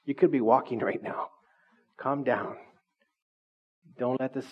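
A male pastor preaching a conversational sermon, animated and full of asides to the congregation. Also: medium pitch, normal speed, long pauses, breathy edge, muffled recording.

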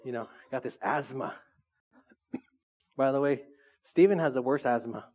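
A man's voice: mid-range voice, measured pace, a little mellow. A man preaching a casual, joking sermon, teasing his audience and asking them questions.

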